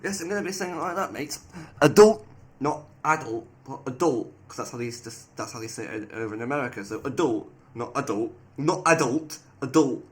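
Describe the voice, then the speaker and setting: A man giving rambling, excitable casual commentary, often laughing and restarting his sentences. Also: medium pitch, quick pace, few pauses, a little hiss or hum. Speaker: video creator. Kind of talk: casual commentary reading AI replies aloud.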